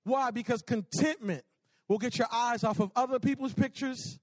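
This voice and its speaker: A man preaching a sermon, telling stories in an animated, repetitive way, then leading a prayer. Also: very high voice, moderate pace, dry recording. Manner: animated, repetitive storytelling with laughs. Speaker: pastor.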